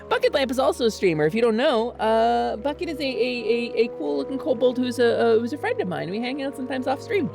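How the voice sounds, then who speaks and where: A woman's voice: fairly high pitch, expressive, fast talker, gravelly, few pauses, darkish tone. A woman streaming a game, chatting casually with her chat in a bubbly, giggly way. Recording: game music behind.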